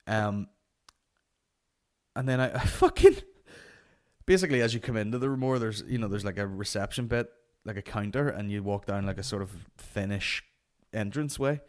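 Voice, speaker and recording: A man's voice: lowish voice, fairly quick. Sweary man ranting comically. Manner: sweary, animated, exasperated. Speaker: podcast host. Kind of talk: comic storytelling rant.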